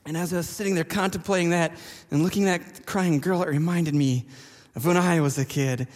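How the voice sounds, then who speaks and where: A man's voice: on the high side, steady tone, brisk. A man preaching a sermon, telling personal stories with self-deprecating humor. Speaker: pastor. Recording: long church reverb.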